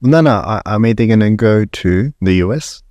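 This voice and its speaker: Blunt Australian man, lowish voice. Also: animated, moderate pace, darkish tone, no echo. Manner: blunt, sweary, laughs often. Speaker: podcast co-host. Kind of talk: casual chat.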